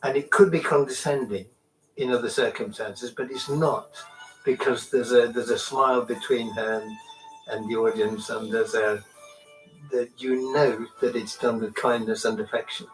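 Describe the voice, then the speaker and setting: A man's voice: mid-range voice, fairly even intonation, moderate pace. A man giving reflective documentary commentary, recorded distant and roomy with faint music behind.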